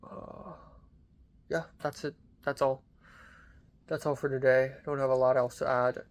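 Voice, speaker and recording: A man's voice: medium pitch, fairly even intonation, a little slow, creaky. Young guy, diary vlog, loose rambling delivery full of ums and cussing, mid-range voice. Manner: rambling, lots of fillers, casual swearing. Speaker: vlogger.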